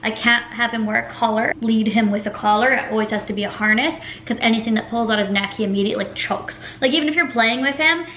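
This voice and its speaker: A young woman talks to her camera in a loose, rambling way, her speech full of "like" and "literally". Her voice sits a bit high, and the room around her echoes. A faint hum runs underneath. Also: fast talker, few pauses, fairly bright tone, dull audio. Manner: rambling storytelling, lots of "like" and "literally". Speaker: vlogger. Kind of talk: casual chatty mukbang vlog. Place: home room with a table.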